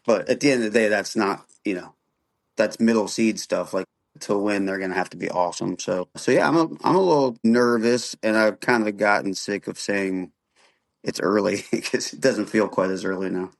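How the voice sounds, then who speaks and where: A man's voice: lowish voice, normal speed, vocal fry. A man appearing as a podcast guest in casual sports chat, analytical and hedging, looking for the upside.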